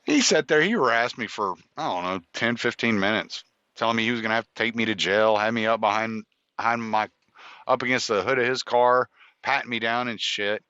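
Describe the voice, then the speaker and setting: A man's voice: medium pitch, brisk, pushed and bright, no room sound. A man hosting a podcast, telling a rambling, profane personal story full of restarts and quoted dialogue. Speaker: podcast host. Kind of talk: casual storytelling monologue. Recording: dull lo-fi dry recording.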